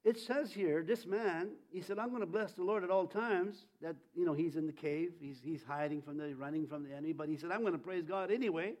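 A man preaching a sermon in a high voice, fervent and rousing. He calls on the congregation to answer him and repeat his lines. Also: a little fast, hardly any pauses, a little mellow. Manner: fervent, leads congregation in call-and-response.

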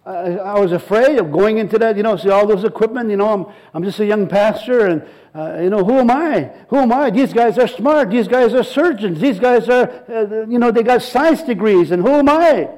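Animated high-voiced male pastor. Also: moderate pace, hardly any pauses, poor audio. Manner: animated storytelling, acts out dialogue, frequent repetitions. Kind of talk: sermon.

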